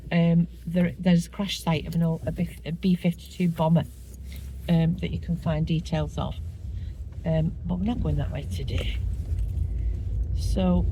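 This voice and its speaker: A woman's voice: lowish voice, noisy background. A middle-aged woman chatting casually in a walking vlog, rambling like a tour guide with lots of ums and easy asides. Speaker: vlogger showing a walking spot.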